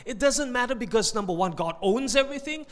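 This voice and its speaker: Male pastor, high voice, emphatic sermon delivery, reverberant hall. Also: expressive, fast talker. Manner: emphatic, rising on key points, tells jokes.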